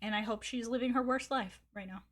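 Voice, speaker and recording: A woman's voice: a little high, fairly quick. A woman streamer chatting casually, telling a gossipy story candidly with frequent swearing and laughs. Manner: rambling with fillers and laughs. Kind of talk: casual chat.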